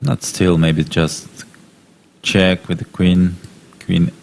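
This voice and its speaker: A man's voice: deep voice, steady tone, slow, gravelly. A man co-commentating on a chess game, working out moves aloud in a hesitant, back-and-forth way.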